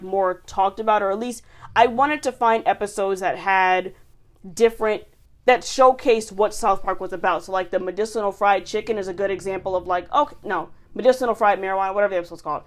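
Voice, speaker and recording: A woman from New Jersey co-hosting a podcast, talking casually and telling stories with lots of fillers. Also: medium pitch. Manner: chatty, animated storytelling with lots of fillers. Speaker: podcast co-host. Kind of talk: casual chat.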